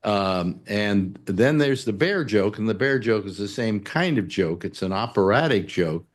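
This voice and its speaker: A man's voice: lowish voice, animated, unhurried. A man hosting a talk show, telling jokes and rambling stories in casual chat. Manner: rambling storyteller, breaks into sung and acted voices. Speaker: radio talk show host.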